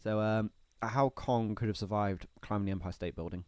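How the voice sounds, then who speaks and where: A man's voice: fairly low pitch, normal speed, darkish tone, no room sound. A man co-hosting a podcast, chatting casually in a rambling way and laughing easily. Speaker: podcast co-host. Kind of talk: casual chat.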